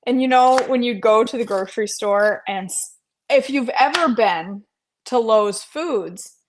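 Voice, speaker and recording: A middle-aged woman from North Carolina, USA, chats casually while cooking on a livestream, greeting viewers by name and tossing in playful sing-song asides. Her voice sits in the mid-range, and the background is noisy.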